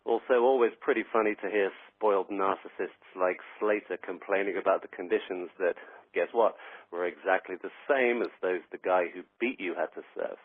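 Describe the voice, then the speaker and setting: A man's voice: deep voice, a little fast, dry recording. A British man calling in to a podcast, talking in a dry, wry way over a phone line. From Britain. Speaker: caller. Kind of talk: voicemail read out on a podcast.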